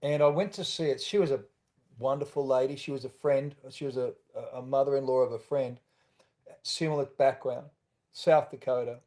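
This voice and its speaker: A man's voice: mid-range voice, steady tone, moderate pace, darkish tone. A man with an Australian accent, a podcast guest telling his own story candidly and acting out the voices he quotes.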